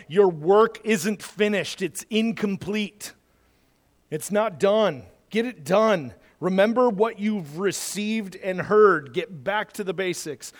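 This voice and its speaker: High-voiced pastor preaching in a reverberant hall. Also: male voice. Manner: conversational preaching, rising to urgent exhortation. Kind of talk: sermon.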